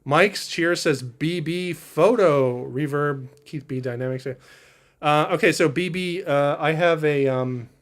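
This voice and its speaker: A man hosting a drum livestream from his drum room, chatting casually and reading viewer comments, with a rambling, halting delivery through studio mics. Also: fairly high pitch, fairly bright tone. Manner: rambling, halting, many fillers and restarts. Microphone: studio mics through a preamp.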